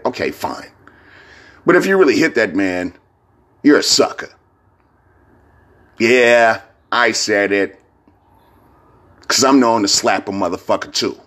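A hungover man rambling in a casual vlog, profane and laughing, sending shout-outs. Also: low-pitched.

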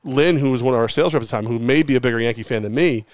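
A man's voice: medium pitch, very fast, no room sound. A middle-aged man in a mid-range voice, telling rambling stories as a guest on a podcast. He talks animatedly and fills his sentences with "like." The recording is close and dry, with no room sound. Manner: animated, rambling, heavy use of "like". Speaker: guest, former sports radio host. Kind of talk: casual interview storytelling.

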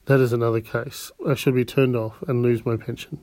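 A man's voice: medium pitch, level tone, a little fast, a little mellow, dry recording, lightly acted. A man voicing a proud, humble telegraph keeper in his fifties, answering plainly and earnestly in a storybook reading. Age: 50s. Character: proud elderly male telegraph keeper, gardener.

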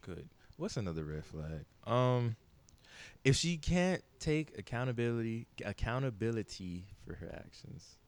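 A man's voice: mid-range voice, sing-song, measured pace. A man hosting a podcast, giving blunt advice in a laid-back, casual chat. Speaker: podcast host.

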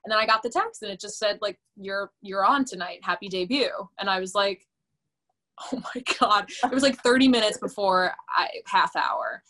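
A young woman with a bright, forward voice tells a story as a podcast guest. She is animated and chatty, full of fillers, and her pitch sits in the middle range. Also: normal speed. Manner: animated and chatty, many fillers, laughs often. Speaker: podcast guest, musical theater performer. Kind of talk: casual interview storytelling.

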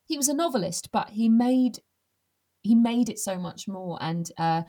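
A woman, chatting as a podcast guest at home and telling stories in an animated, expressive way that swings between loud and soft. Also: on the high side, normal speed. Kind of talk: casual interview chat.

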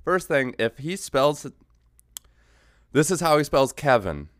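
A man hosting a comedy podcast, his pitch bouncing up and down as he riffs on clips. He rambles, swears and mocks in a loose, casual way. The sound is close and dry. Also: very animated, unhurried, fairly bright tone, dry recording. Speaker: podcast host reacting to clips.

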